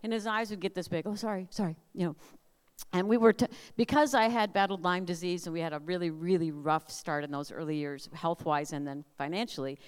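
An older woman from Minnesota giving a humorous storytelling talk at a family camp, lively and animated. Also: on the low side, brisk, clean tone. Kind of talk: storytelling sermon. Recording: long hall reverb.

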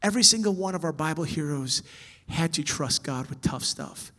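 A man teaching church workers about children's ministry, animated, swinging from loud emphasis to soft whispers. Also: a little high, moderate pace.

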